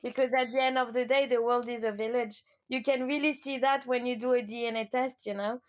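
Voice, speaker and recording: A woman in her thirties with a French accent, speaking as an interview guest, earnest and upbeat, with frequent pauses and fillers. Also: a little high, fairly even intonation. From France. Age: 30s. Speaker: guest, educational kinesiology coach. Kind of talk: casual interview conversation.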